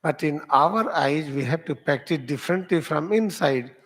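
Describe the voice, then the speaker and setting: A man with an Indian accent, a meditation teacher whose first language is Hindi, teaching at an ashram in slow, deliberate, simple English. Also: a little high, animated. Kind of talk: spiritual teaching talk.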